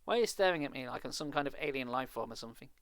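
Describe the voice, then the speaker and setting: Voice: medium pitch, lively intonation, racing, no room sound, natural voice. A reader voicing a cocky boy who brags and teases his friends, in a live storybook reading. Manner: cocky, bragging.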